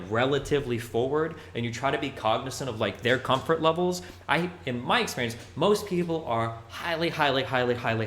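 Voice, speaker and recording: A man's voice: a little high, fairly bright tone. A male streamer giving casual livestream commentary, talking bluntly and profanely in a rambling way with many fillers.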